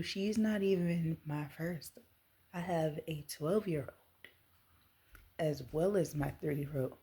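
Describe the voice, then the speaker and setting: A woman in her thirties telling a personal story to the camera, earnest and animated as she retells it. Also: lowish voice. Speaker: vlogger.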